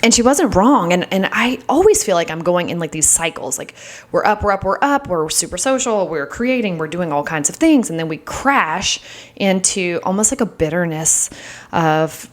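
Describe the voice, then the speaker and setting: A woman's voice: lowish voice, animated, normal speed. A middle-aged woman hosting a podcast, talking earnestly and openly in a rambling personal monologue full of "like"s. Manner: earnest and open, rambling with many "like"s. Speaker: podcast host.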